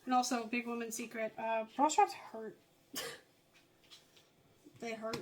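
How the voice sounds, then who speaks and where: A woman with a slightly high voice talks her way through a casual home vlog. She rambles and pokes fun at herself, often dropping into half-whispered mutters. Faint room ambience sits under her voice. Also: flat delivery, measured pace, long pauses, noisy background. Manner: rambling, self-mocking, muttering asides under her breath. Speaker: vlogger. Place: home, at a table.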